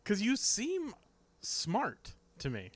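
A man co-hosting a casual podcast, reacting with quick, playful banter. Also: high-pitched, huge pitch swings, no echo, studio quality. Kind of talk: casual chat.

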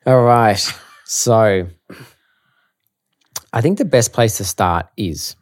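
A man co-hosting a podcast, asking questions in a relaxed, casual way. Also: fairly low pitch, slow, dry recording, studio quality. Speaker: podcast co-host.

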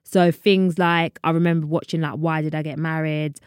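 A woman's voice: low voice, little pitch movement, moderate pace, clean tone, no room sound, clean studio sound. A woman, hosting her own podcast in a chatty, rambling way and laughing at her own asides. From London, England. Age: 30s. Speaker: podcast host. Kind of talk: casual solo podcast chat.

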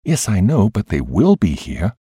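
A man voicing a frail, dying woman who speaks earnestly and pleadingly, in a higher voice than his own. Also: huge pitch swings, measured pace, dark tone, husky, no echo, clean studio sound, full character voice. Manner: raised pitch, pleading and earnest.

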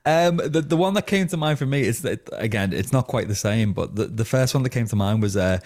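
A man's voice: medium pitch, expressive, brisk, darkish tone. A man co-hosting a casual football podcast, trading wry, teasing banter. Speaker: podcast co-host.

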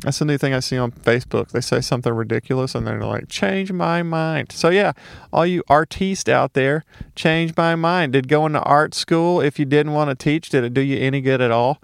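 Recorded in clean studio sound with no echo, a Mississippi man with a light Southern accent rants through a casual solo comedy bit full of profane, sarcastic remarks. His medium-pitched voice is creaky and fairly even in intonation, and he speaks briskly.

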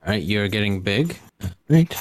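A man's voice: fairly low pitch, expressive, moderate pace. A man narrating as game master, reading scene descriptions aloud between hesitant fillers.

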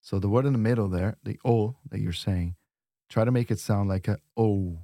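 A man teaching on a lesson podcast, modelling words slowly and patiently. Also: on the low side, dark tone, dry recording, studio quality. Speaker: language teacher.

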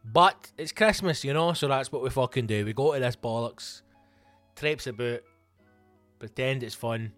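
A Scottish man hosting a comedy podcast, ranting in an animated, sweary monologue. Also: medium pitch, moderate pace, dry recording, faint music behind. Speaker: comedian host.

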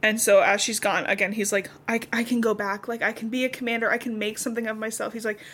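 Young woman, podcast co-host, chatty recap, bright-ish higher voice, acts out dialogue. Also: flat delivery, quick pace. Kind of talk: casual chat recapping a novel.

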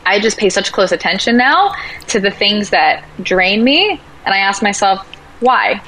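A woman talking casually as a podcast guest, animated, acting out quoted voices as she tells stories. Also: mid-range voice, normal speed, slight background noise, rough recording. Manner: animated storyteller, acts out quotes. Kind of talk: casual conversation.

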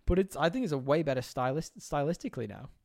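A man co-hosting a casual film chat, talking in quick bursts with restarts and animated quoting. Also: on the high side. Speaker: podcast co-host.

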